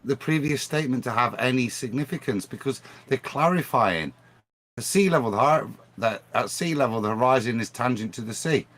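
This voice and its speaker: A man in a casual livestream discussion, arguing his point with animated restarts. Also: mid-range voice, a little fast. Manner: animated, argumentative, restarts phrases.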